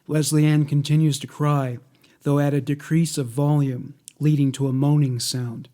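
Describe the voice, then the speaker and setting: A man reading a scripted documentary narration in a measured, matter-of-fact way. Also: fairly high pitch, little pitch movement, mellow.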